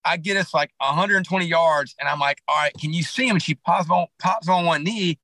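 Bright, animated man telling a story. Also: a little high, fairly quick, no echo, rough recording. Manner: animated, rambling, with many restarts. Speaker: podcast guest, clothing company founder. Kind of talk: casual storytelling interview.

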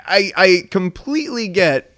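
Male podcast co-host, casual and crude, animated delivery, dry close-miked sound. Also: high voice, unhurried, no echo. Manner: profane, joking, laughs often.

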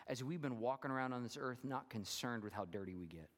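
A man's voice: mid-range voice, quick pace, hardly any pauses, in a large hall. A man preaching a sermon as pastor, talking earnestly and rising to fervent emphasis.

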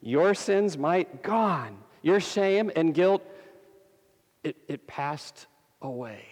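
A male pastor delivers a sermon at a very slow, deliberate pace, leaning on each phrase with long pauses. His voice sits a little high and has a gravelly edge. The long reverb of a church hall trails behind every word. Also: animated.

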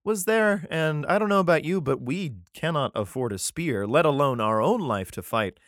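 A man's voice: fairly high pitch, animated, moderate pace, a bit bright, no room sound, clean studio sound. A man reading scripture aloud and breaking off for irreverent, swearing comic commentary. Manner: irreverent, profane asides, frequent laughs. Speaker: reader.

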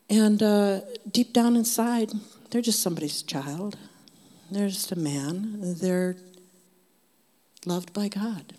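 A woman's voice: mid-range voice, slow pace, long pauses, warm tone. An older woman sharing a personal faith testimony in a church group, telling her story in an earnest, conversational way. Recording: long hall reverb.

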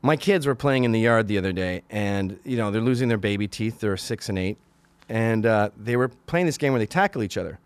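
A man in his forties rants through a crude comedic monologue, and his pitch swings widely. He bursts into loud outbursts now and then. The sound is dry and close to the mic. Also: expressive, fairly quick, smooth, no room sound. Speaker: podcast host.

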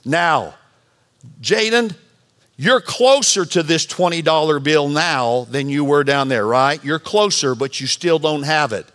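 A man preaching a sermon as pastor, animated and bantering with the congregation. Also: a little high, a little slow. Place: church sanctuary.

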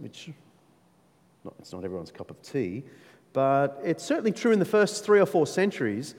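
A man preaching a sermon, emphatic and animated, with playful asides to his listeners. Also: medium pitch. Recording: long reverb of a large hall.

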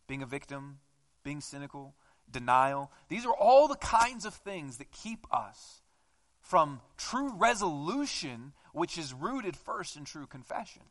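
A man preaching a conversational sermon in a church, questioning himself aloud as he talks. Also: fairly high pitch. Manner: conversational, self-questioning preaching with wide swings in loudness. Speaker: pastor. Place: church hall.

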